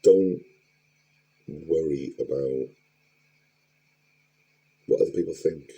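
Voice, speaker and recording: Middle-aged man, very deep gravelly voice, candid rambling vlog, blunt and sweary. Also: slow, dark tone, muffled recording. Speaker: vlogger.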